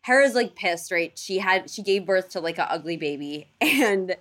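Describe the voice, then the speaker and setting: A woman telling a story in casual chat, animated, full of fillers and casual swearing, acting out voices for the people in it. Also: fairly low pitch, moderate pace. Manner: animated storyteller, acts out quoted gods in playful voices.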